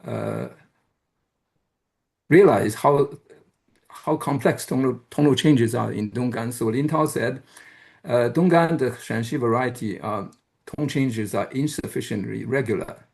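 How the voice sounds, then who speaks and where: A man lecturing at a colloquium in a gravelly, creaky voice. He pauses often, filling gaps with "uh" and restarting his phrases as he works through his points. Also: medium pitch, a little mellow. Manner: hesitant, many fillers and restarts. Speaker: guest lecturer. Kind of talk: academic lecture.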